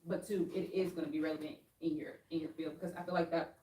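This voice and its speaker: A woman's voice: low voice, steady tone, quick pace, dark tone. A woman accountant on a workshop panel giving earnest, emphatic advice. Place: workshop room. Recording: roomy hall from far off.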